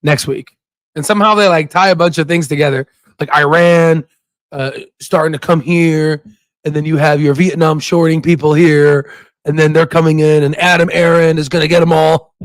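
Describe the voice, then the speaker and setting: A man hosting a casual stock investing livestream, joking and hyping, with sudden shouted bursts and constant "right?" asides. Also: on the high side, steady tone, normal speed, dry recording.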